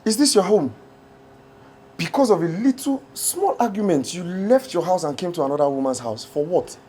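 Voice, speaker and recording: An actor with a Nigerian accent playing an angry husband who shouts, insults and repeats himself. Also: male voice, high-pitched, animated, moderate pace, slightly rough. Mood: scornful. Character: furious shouting husband, scornful and bullying.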